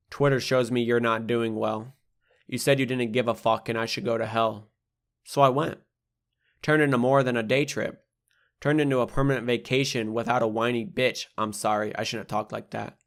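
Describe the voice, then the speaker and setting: A young man with a voice of ordinary middle pitch reads his own poems as an audiobook. His delivery rides a steady hip-hop rhythm, landing hard on rhymes and swearing bluntly and without apology. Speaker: poet reading his own book. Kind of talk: spoken-word poetry reading.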